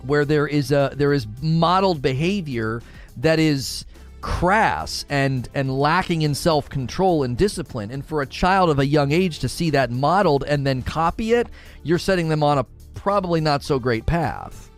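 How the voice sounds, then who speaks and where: A man's voice: a little high, expressive, normal speed, faint music behind. Blunt, opinionated father talking to chat. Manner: blunt and opinionated, with frequent restarts.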